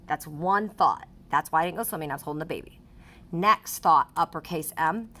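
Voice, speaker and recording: Lower-voiced woman teaching third graders. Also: moderate pace, sharp tone. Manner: instructive, reads example sentences aloud. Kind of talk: recorded writing lesson.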